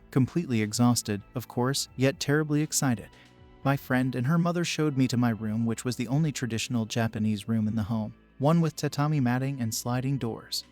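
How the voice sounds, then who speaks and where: A man calmly reading ghost stories aloud as a scripted narration. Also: mid-range voice. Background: faint background music.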